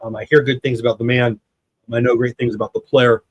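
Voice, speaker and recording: A man's voice: medium pitch, level tone, fast talker, highs cut off. Man, 50s, livestream host; casual, rambling commentary, dry un-roomy mic. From United States. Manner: rambling, chatty, reads chat aloud. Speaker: livestream watch party host. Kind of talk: casual live baseball commentary.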